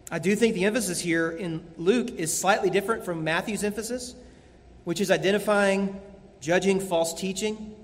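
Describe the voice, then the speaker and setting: A man's voice: high voice, moderate pace. A man preaching a sermon as a pastor, earnest and emphatic, repeating key phrases. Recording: long hall reverb.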